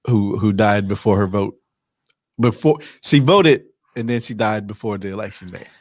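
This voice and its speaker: A man from North Carolina co-hosting a podcast, laid-back and quick to laugh while he tells stories. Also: fairly low pitch, dry recording, studio quality. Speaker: podcast co-host. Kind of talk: casual chat.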